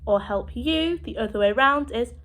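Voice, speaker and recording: A woman's voice: fairly high pitch, lively intonation, fairly bright tone. British woman teaching sign language. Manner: slow, clear demonstrating speech. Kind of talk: children's sign language lesson.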